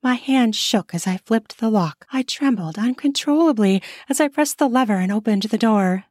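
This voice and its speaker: A woman's voice: fairly high pitch, lively intonation, moderate pace, darkish tone, dry recording, clean studio sound. A woman reading her own erotic short story aloud in an intimate first-person style. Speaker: narrator and author.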